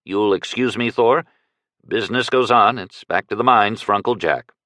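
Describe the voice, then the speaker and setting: A man's voice: fairly low pitch, moderate pace, pushed and bright, no echo, studio quality. Brief: genial, businesslike wealthy father, read by the narrator.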